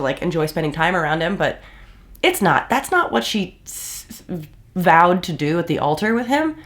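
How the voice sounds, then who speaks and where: Lowish-voiced woman ranting in a reaction video, blunt, swears a lot. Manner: heated, blunt, swears often. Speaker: commentary host. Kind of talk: reaction commentary.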